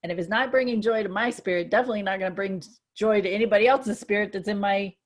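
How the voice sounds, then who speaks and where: A woman co-hosting a casual spiritual chat, earnest and reflective, growing excited when she gives examples. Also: medium pitch, fast. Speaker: co-host.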